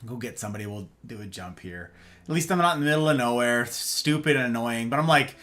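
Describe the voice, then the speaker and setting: A man hosting a livestream, telling a rambling, self-mocking story in a casual, animated way. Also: mid-range voice, quick pace. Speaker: livestream host.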